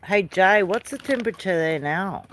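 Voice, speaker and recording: A woman's voice: mid-range voice, lively intonation, normal speed, fairly bright tone, slight background noise. A woman hosting a casual live stream outdoors by a night fire, chatting with viewers, greeting them by name and laughing often. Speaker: livestream host.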